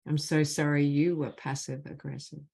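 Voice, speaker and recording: A woman leading a spiritual group call over video, slowly and deliberately speaking repeated healing phrases. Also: low voice, level tone, gravelly, warm tone, husky. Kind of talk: guided clearing session with spoken healing phrases.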